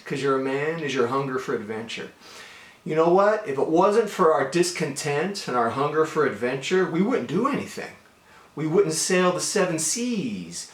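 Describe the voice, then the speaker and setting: A man's voice: medium pitch, roomy sound. A man in his fifties talking casually to his viewers in a rambling, storytelling way, drifting into asides. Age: 50s. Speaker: watch vlogger. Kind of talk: casual monologue to camera.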